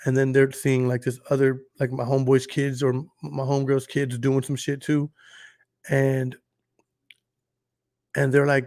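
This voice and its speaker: Profane, animated Texas podcast host. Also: male voice, mid-range voice, a little fast, dry recording, clean studio sound. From Dallas, Texas. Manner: animated storytelling, profane, acts out quotes. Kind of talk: casual chat.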